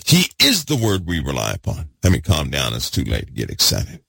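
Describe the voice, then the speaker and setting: A man preaching a fervent sermon, repeating himself and swinging between loud bursts and hushed asides. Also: extremely low pitch, huge pitch swings, brisk, gravelly, slightly rough, no echo.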